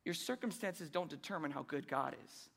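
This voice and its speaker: Man, pastor, sermon, high voice, animated and sarcastic, long hall reverb. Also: normal speed, vocal fry. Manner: animated and conversational, with sarcastic asides.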